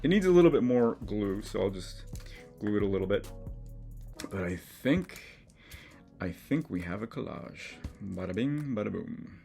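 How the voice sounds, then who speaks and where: His voice is fairly low, mellow, with vocal fry. He's a middle-aged collage artist running a casual art vlog, talking to camera in his studio in a chatty, encouraging way and getting easily moved by his work.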